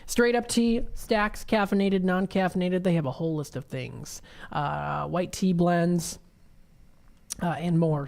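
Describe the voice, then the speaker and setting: A woman's voice: fairly low pitch, darkish tone. A woman hosting a local radio shopping show, chatting casually and reading event listings off websites with many fillers. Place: radio studio.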